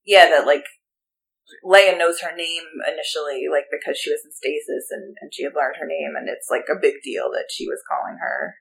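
A woman's voice: sits low, moderate pace, vocal fry, poor audio. Rambling woman podcast co-host. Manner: rambling, filler-heavy. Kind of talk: casual book-club chat.

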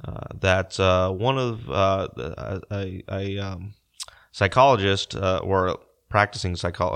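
A young man with a very deep voice tells a story to his listeners in a casual, halting way. He fills his speech with ums and repeats himself as he goes. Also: gravelly, a bit bright. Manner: halting, many fillers and restarts. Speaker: podcaster.

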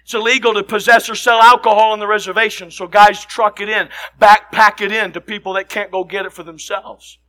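A middle-aged man preaching a sermon, telling stories with passion and often shouting. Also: high voice, flat delivery, brisk, hardly any pauses. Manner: impassioned storytelling, frequently shouting.

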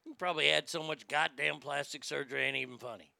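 A man's voice: fairly high pitch, fast talker, creaky, bright, forceful tone, no echo, studio quality. A man hosting a comedic rant, profane, mocking and rambling.

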